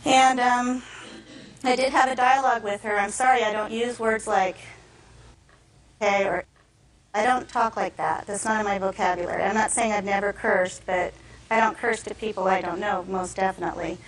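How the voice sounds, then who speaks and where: A woman defendant giving courtroom testimony, retelling events in an animated way and acting out the quotes. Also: mid-range voice, moderate pace, a little hiss or hum. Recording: echoey courtroom from far off.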